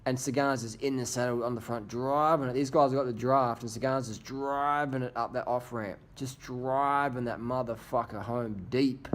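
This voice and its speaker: A man's voice: mid-range voice, fairly even intonation, moderate pace, hardly any pauses, slight background noise. Profane man commenting on race footage. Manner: crude, joking, profane banter. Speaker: video host.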